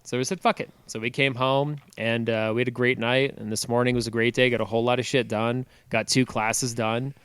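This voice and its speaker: A young man on a podcast telling a profane, animated story, breaking into loud yelling at times. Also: medium pitch, brisk, few pauses, clear, resonant tone, no echo. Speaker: podcast co-host. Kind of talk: casual storytelling chat.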